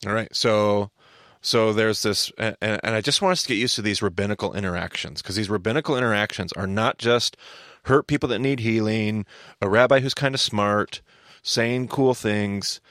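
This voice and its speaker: A man hosting a podcast, explaining Bible stories in a casual, animated teaching manner. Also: on the low side, normal speed, no echo, clean studio sound. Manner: animated, explanatory, repeats words when starting a thought.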